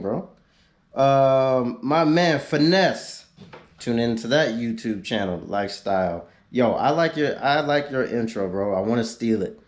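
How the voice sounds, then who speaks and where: A man's voice: mid-range voice, lively intonation, moderate pace. A man, chatting casually on his car vlog, reading out viewer suggestions with laid-back joking asides. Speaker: YouTube car vlogger.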